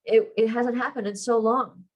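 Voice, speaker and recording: A frightened young woman, breathless and shaking through a panic attack, as a woman reading aloud puts her on. She speaks in halting, apologetic bursts, struggling to steady herself. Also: fairly high pitch, voice pushed up, close to an everyday voice. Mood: panicked.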